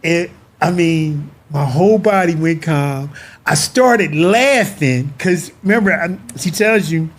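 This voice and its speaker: A man telling an emotional personal story on a talk show, expressive and animated. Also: fairly high pitch, slow. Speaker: guest husband.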